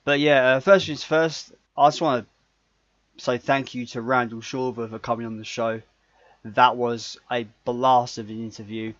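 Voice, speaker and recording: A man's voice: medium pitch, fairly even intonation, normal speed, a bit bright, no room sound. A man co-hosting a podcast in casual chat, jokey and rambling, often stumbling over his words. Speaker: podcast co-host. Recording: dry, slightly dull podcast audio.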